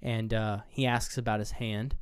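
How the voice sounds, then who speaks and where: A man's voice: lowish voice, level tone, a little slow, clean tone, no room sound, studio quality. A man co-hosting a podcast, casually reviewing a film in a rambling scene-by-scene retelling, swearing freely. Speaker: podcast co-host.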